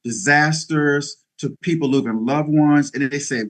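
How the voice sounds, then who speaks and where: Emphatic preacherly man, fairly high voice. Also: measured pace. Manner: preacherly, emphatic, rising to bursts of energy. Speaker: guest speaker. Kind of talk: motivational interview talk.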